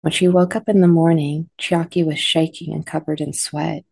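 A woman narrating scripted horror stories in a low, mellow voice. Her telling is measured and dramatic. The recording is close and dry. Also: little pitch movement, gravelly, slightly rough, no room sound.

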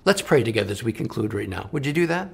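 A man's voice: medium pitch, big pitch swings, fast talker, gravelly, a little mellow, husky. A man preaching a broadcast sermon, impassioned and emphatic, pressing points to the listener. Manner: impassioned, emphatic, rising and falling delivery. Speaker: radio preacher.

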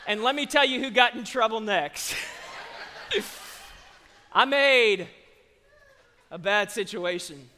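A man, preaching a sermon with animated, humorous storytelling. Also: high voice, slow, pauses often, big-room sound. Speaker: pastor.

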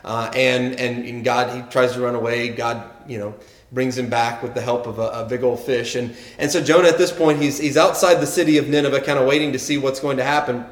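A man's voice: mid-range voice, fairly even intonation, a little fast. Earnest preaching man in echoey room. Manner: earnest preaching with frequent repeated words and emphatic quotes. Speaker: pastor. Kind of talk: sermon.

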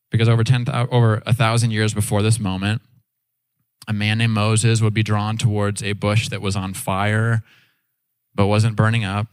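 A man preaching a sermon in a casual, animated way, acting out quoted voices as he tells stories. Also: medium pitch, no room sound. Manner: casual, with frequent "like" and "all right". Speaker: pastor.

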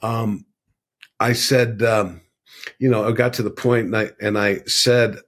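A man's voice: lowish voice, fairly even intonation, measured pace, fairly bright tone. An older man telling a long personal story as a podcast guest, earnest and rambling, with many fillers. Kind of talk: conversational storytelling.

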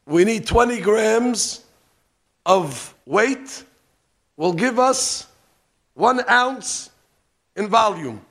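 A man teaching a hands-on religious lesson, animated and joking, dropping Hebrew terms as he demonstrates. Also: high-pitched, drawn-out words, pauses often. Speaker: rabbi teaching. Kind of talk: demonstration lesson on ritual practice. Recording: archival lesson recording.

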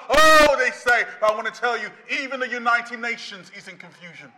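A man preaching a sermon, impassioned and emphatic, breaking into loud bursts. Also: very high-pitched, moderate pace, a little hiss or hum, rough recording.

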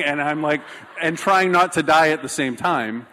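A man preaching a sermon, telling a personal story in an animated, self-mocking way. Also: a little high, moderate pace, big-room sound, a little hiss or hum. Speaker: pastor.

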